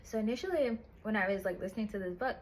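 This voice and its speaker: A woman's voice: mid-range voice, expressive, fast. A woman in a casual book review chat, retelling the story in a chatty, profane way with lots of "like".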